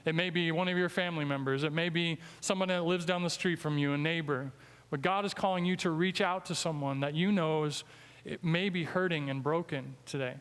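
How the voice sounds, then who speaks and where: A man's voice: fairly high pitch, steady tone, a bit bright, smooth. Earnest Midwestern man preaching in a reverberant church. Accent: Midwestern American. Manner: earnest, emphatic, slows down for scripture. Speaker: guest preacher. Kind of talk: sermon. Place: church sanctuary.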